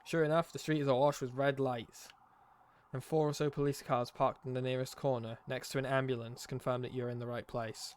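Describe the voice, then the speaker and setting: A man streaming, reading a game's story aloud with expressive narration and wry asides. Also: mid-range voice, a little fast, clean tone.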